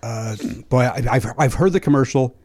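A man co-hosting a podcast in casual chat, an animated storyteller who swears casually. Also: medium pitch, moderate pace. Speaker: podcast co-host.

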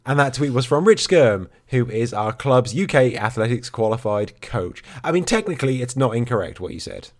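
A man's voice: medium pitch, lively intonation, normal speed, few pauses. Dry-humoured man hosting. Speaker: podcast co-host. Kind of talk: casual chat.

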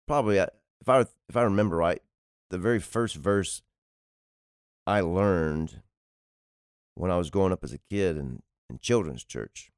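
Male podcast preacher, low-pitched and smooth, dry close sound, driving repetitive delivery. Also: darkish tone, no echo. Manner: emphatic, repetitive preaching cadence. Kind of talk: sermon-style podcast teaching.

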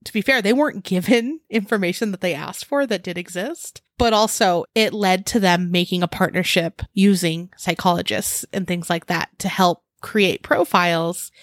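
A woman's voice: fairly low pitch, moderate pace, few pauses, no room sound, clean studio sound. A woman co-hosting a true-crime podcast in casual chat. She talks in an upbeat, chatty way. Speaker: podcast co-host.

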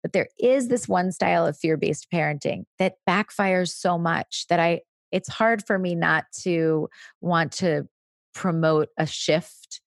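Woman, parenting expert guest, low pitch, dry recording, explanatory. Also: measured pace, gravelly, no room sound. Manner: explanatory, briefly acts out parent and child lines. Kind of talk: casual chat.

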